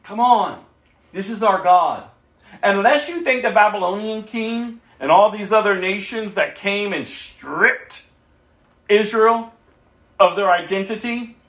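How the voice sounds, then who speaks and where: A man preaching a sermon and reading scripture aloud, swinging between loud bursts and soft asides. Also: high voice, echoey room.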